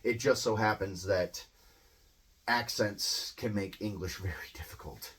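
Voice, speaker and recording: Man, lowish voice, casual english teacher, rambles and restarts. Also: unhurried, a bit bright, a little hiss or hum. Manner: rambling, repeats and restarts words. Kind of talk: casual spoken lesson.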